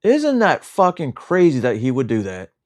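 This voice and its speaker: A man's voice: mid-range voice, wildly swooping pitch, normal speed. A man co-hosting a livestream, speaking in an indignant, sarcastic way. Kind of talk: casual livestream chat.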